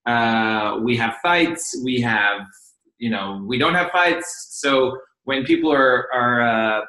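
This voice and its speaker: A man's voice: mid-range voice, takes it slowly, bright, forceful tone, roomy sound, poor audio. Reflective, hesitant man from Seattle. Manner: reflective, hesitant, many restarts. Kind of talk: casual chat.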